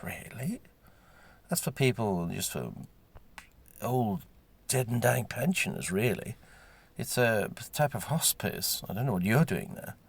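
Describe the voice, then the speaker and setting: A man's voice: medium pitch, animated, measured pace, vocal fry, long pauses, breathy edge, heavily acted. A man voicing a scarred young male drinker, blunt and chatty, with hesitant fillers.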